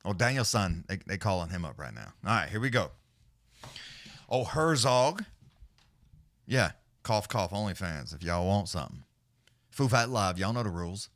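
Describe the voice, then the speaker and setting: Low-voiced man calling fights on a livestream. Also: big pitch swings, fairly bright tone, no echo. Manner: rambling, profane, laid-back, with many restarts; fast play-by-play calling during fights. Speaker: livestream host giving fight commentary. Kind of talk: casual live-stream commentary.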